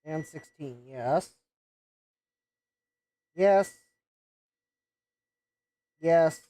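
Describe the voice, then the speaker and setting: A man's voice: a little high, drawn-out words, dark tone. A man hosting a live repair stream, thinking aloud and counting pins as he checks a circuit board. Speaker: host of a retro computer repair livestream.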